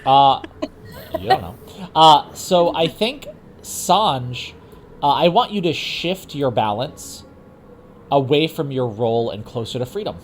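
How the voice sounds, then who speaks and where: Slow, unhurried male game master. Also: mid-range voice, expressive, slight background noise. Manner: unhurried, with frequent ums and uhs. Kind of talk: narrating a tabletop game.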